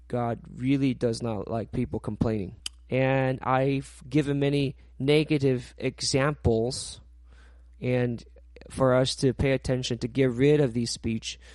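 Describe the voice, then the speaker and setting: A man's voice: medium pitch, dry recording. Guy preaching a sermon, english not his first language, acts out quotes, dry close sound. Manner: non-native English phrasing, quotes others in animated voices. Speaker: pastor.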